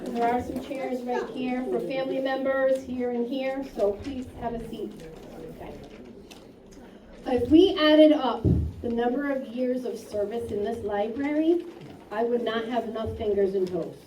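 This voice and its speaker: A woman speaking at a school library ceremony, telling a lively anecdote and acting out the quoted dialogue. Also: a little high, unhurried. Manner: storytelling, acts out quoted dialogue. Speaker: school staff hosting a ceremony. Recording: echoey room from far off, faint noise.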